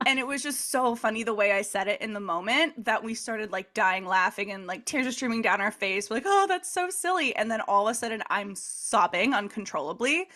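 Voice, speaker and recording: A young woman co-hosting a podcast, chatting casually and telling animated, profanity-laced stories, breaking into loud laughter. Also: mid-range voice, brisk, few pauses. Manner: animated storytelling, swears freely, laughs loudly. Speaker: podcast co-host. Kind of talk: casual chat.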